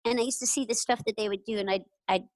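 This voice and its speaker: A middle-aged woman, a guest on an interview show, telling lively stories and often acting out quoted voices with laughter. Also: fairly high pitch, fast, dry recording, rough recording. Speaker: guest, retired jockey. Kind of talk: casual interview storytelling.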